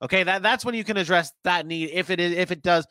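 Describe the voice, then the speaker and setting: A man's voice: high-pitched, fast, bright, forceful tone, smooth, no echo. A man co-hosting a casual sports podcast, chatty and thinking aloud with frequent restarts.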